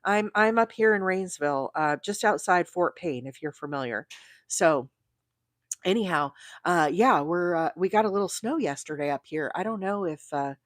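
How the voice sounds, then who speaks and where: A woman from Arizona hosting a crochet livestream, rambling chattily and reading out viewer comments, with bursts of high, excited emphasis. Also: normal speed, dry recording, studio quality. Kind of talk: casual live-stream chat.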